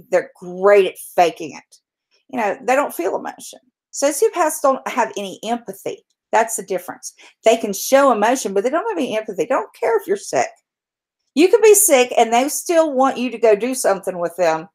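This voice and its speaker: A woman's voice: fairly high pitch, big pitch swings, moderate pace, darkish tone. A woman hosting her own video, explaining and telling stories in a rambling way full of fillers and restarts. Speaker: video host. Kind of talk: casual explanatory vlog.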